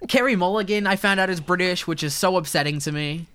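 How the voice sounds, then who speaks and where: A man's voice: high-pitched, fast, pushed and bright, a little hiss or hum. A man co-hosting a film podcast in casual chat, eager and rambling with many restarts. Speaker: podcast co-host.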